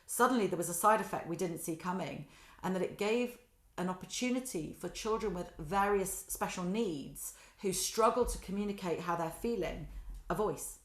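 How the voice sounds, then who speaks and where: A woman, a guest telling animated stories in a casual podcast chat. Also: fairly low pitch, moderate pace. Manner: animated storytelling, quotes others in lively voices. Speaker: guest, children's author. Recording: roomy echo.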